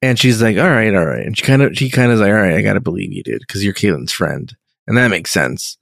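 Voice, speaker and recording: A man's voice: fairly low pitch, animated, fast talker, creaky, a bit bright, no room sound, clean studio sound. A man co-hosting a podcast, recapping an episode in casual chat, joking and swearing, slipping into mock character voices. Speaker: podcast co-host.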